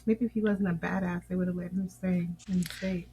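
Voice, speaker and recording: A woman's voice: fairly low pitch, little pitch movement, fairly quick, background noise. A woman co-hosting a podcast in casual chat, playful and teasing. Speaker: podcast co-host.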